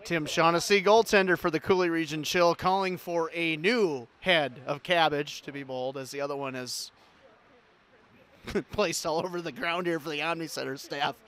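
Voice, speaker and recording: A man's voice: fairly high pitch, moderate pace, a bit bright. A man co-hosting a sports show, calling play-by-play in an arena with wry asides. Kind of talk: play-by-play commentary. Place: indoor arena.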